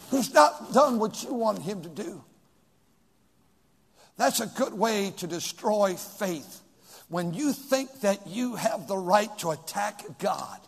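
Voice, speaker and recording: A high-voiced man preaching from the pulpit, his sermon echoing with a long reverb through a church hall. He lurches between loud, shouted pleading and soft, hushed prayer, keeping the congregation close. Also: husky. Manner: swings from shouted pleas to hushed, near-whispered prayer. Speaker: pastor. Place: church sanctuary.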